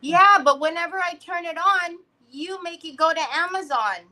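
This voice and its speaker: High, bright-voiced woman playfully teasing. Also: normal speed. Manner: playful teasing, scolds a pet fondly. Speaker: crafting livestream host. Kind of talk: casual chat.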